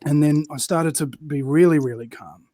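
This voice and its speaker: A high-voiced man with a New Zealand accent rants and tells stories as a guest, throwing in "bro" along the way. The sound is dry and close, with no room around him. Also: moderate pace, warm tone, no room sound. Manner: ranting, storytelling, peppered with "bro". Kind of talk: casual political chat.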